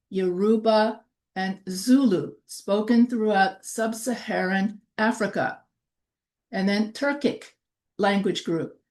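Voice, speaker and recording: A middle-aged woman lecturing to camera in an unhurried, deliberate way. She often pauses on fillers and restarts her sentences as she goes. Her voice sits at an ordinary middle pitch. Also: darkish tone. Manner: halting, with frequent fillers and restarts. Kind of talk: recorded lecture.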